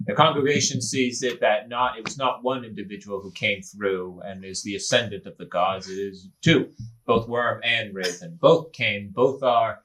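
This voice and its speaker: A man's voice: on the low side, steady tone, normal speed, fairly bright tone, poor audio. A man playing in a tabletop game, describing his actions and explaining the game. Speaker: player.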